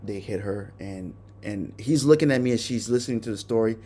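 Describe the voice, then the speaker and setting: A male podcast host telling a personal story in a halting, remorseful way, often restarting his sentences. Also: on the low side, mellow, husky. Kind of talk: personal confession monologue.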